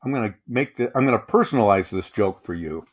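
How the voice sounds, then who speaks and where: A man's voice: fairly low pitch, animated, fast talker, no echo. Man telling a rambling long-form joke. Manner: meandering, self-correcting. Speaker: podcast co-host telling a joke. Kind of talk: rambling comic storytelling. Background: music.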